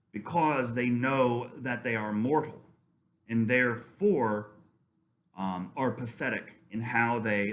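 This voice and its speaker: A man gives a casual literature lecture, reading passages aloud and then explaining them in an easygoing way. His voice sits in a middle register, and he fills pauses with frequent ums and uhs. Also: medium pitch. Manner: conversational, many ums, reads passages aloud.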